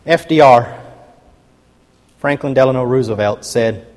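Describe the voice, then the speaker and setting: A man's voice: medium pitch, a little slow, a little mellow, big-room sound. A man preaching a sermon, reading scripture aloud with emphatic rising and falling delivery.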